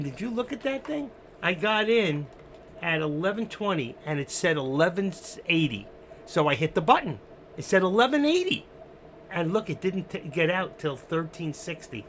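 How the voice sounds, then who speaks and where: Male streamer, gravelly voice, slightly high, casual rambling trader host, noisy room. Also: a bit bright. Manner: rambling, talks to his cat in a high sing-song voice. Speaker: day trader hosting a live stream. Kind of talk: casual live-stream chat.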